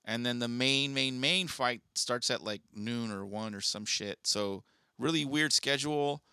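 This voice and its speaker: A man with a bright, forceful tone chatting casually on a podcast, recorded close and dry with no room sound. He is laid-back and walks through the schedule like a rundown. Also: mid-range voice, measured pace, clean tone, no room sound. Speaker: podcast co-host. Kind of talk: casual chat.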